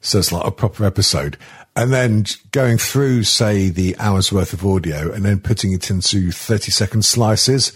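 British podcast host guy, husky voice, swears a lot, laughs at his own jokes. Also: on the low side, normal speed. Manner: crude, jokey, laughs often. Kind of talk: casual comedy podcast chat.

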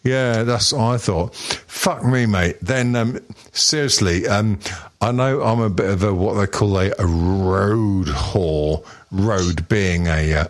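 A man's voice: on the low side, slow pace. A middle-aged man co-hosting a podcast, chatting in a rambling, self-mocking way, swearing freely. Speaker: podcast co-host. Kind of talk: casual profane chat.

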